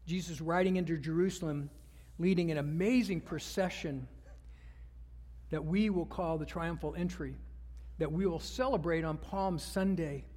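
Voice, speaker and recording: A man's voice: a little high, darkish tone, big-room sound. A man preaching a sermon as pastor, talking conversationally and asking the congregation questions.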